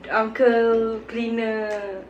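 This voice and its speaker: A young woman speaks slowly and calmly in a casual chat. The sound is roomy and a little dull. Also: on the high side, slight background noise. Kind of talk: casual chat over a meal. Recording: echoey, slightly dull audio.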